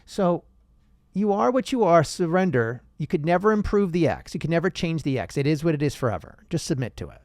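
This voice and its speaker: Guy riffing to his viewers, super lively up and down voice, dry close sound, swears some. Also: a little high, fairly quick, no echo. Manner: animated, rhetorical, talks straight to viewers, swears. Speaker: host. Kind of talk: casual monologue.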